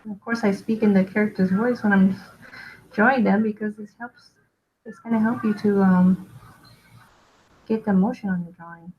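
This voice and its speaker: A woman's voice: medium pitch, fairly even intonation, moderate pace, pauses often, muffled recording, a little hiss or hum. A young woman artist casually talking through her storyboard drawing, chatty and self-deprecating as she thinks aloud.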